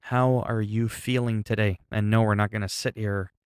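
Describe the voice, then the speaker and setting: A man's voice: on the low side, steady tone, normal speed, clear, resonant tone, no echo. Chatty male streamer, dry close sound. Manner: chatty, reacting to chat and exclaiming. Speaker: livestreamer. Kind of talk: casual livestream chat.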